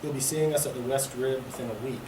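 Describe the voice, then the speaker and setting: A man's voice: mid-range voice, fairly even intonation, fast, close to an everyday voice. A man reading the lines of a confident young male mountaineer in a story. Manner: plain, lightly acted reading. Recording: echoey room, distant mic, background noise.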